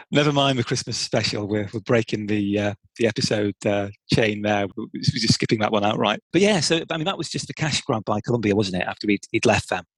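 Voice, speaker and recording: A middle-aged man, chatting as a podcast co-host. His voice is a little husky and sounds close and dry. He talks in a loose, hesitant way, full of restarts and fillers. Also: fairly low pitch, fairly quick, no room sound, rough recording. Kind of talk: casual chat.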